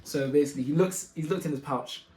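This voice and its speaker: A young man tells a story from his own life in casual, slangy storytime style. He sounds animated and exasperated and laughs easily. His voice sits slightly high, and the room echoes around him. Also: quick pace. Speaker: vlogger telling a personal story.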